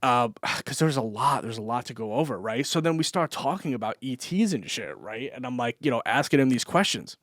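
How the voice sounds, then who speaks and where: A man's voice: medium pitch, very animated, fairly quick, hardly any pauses, fairly bright tone, no echo, studio quality. Rambling young man telling a story. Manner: rambling, profane, full of fillers, laughs often. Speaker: vlogger. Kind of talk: casual storytelling monologue.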